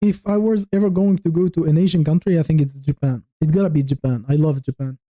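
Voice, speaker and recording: Man, 30s, from Tunisia, livestreamer; frank, rambling chat, restarts a lot, very mellow dark tone. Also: fairly high pitch, steady tone, quick pace, dry recording, rough recording. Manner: frank, rambling, thinking aloud with many restarts. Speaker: YouTube livestreamer. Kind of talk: casual livestream chat answering viewers.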